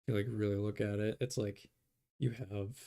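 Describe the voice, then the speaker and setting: A man's voice: lowish voice, steady tone, moderate pace, creaky, mellow. A man talking to himself in a rambling way as he draws, giving casual commentary. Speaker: artist.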